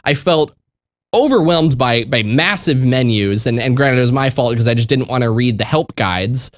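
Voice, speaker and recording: A man hosting a live call-in show, talking quickly and casually with frequent restarts and laughter. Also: mid-range voice, animated, dry recording. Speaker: host.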